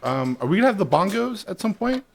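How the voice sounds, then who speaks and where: A man's voice: sits high, very animated, fast, vocal fry. A man co-hosting a podcast, talking hesitantly with many ums in an improv comedy sketch. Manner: hesitant, stammering, lots of ums. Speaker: podcast co-host.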